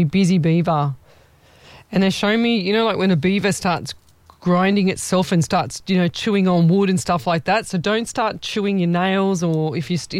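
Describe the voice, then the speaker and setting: A man's voice: high-pitched, no room sound. A man giving a live psychic reading to viewers, chatty and rambling, laughing at himself and calling people "lovey". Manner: chatty, rambling, self-mocking with frequent laughs; warm familiar address. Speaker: psychic medium.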